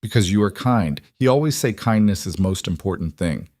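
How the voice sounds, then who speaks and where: A shy, wary deaf young woman from a storybook western, as a male narrator puts her on. She speaks quietly in halting, broken English. The voice stays low and dry. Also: animated, dry recording. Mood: wistful.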